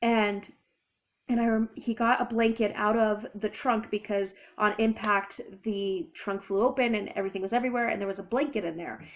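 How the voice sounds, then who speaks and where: A young adult woman retelling a personal story in a chatty, rambling, expressive way. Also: mid-range voice, normal speed. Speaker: vlogger. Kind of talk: casual storytime.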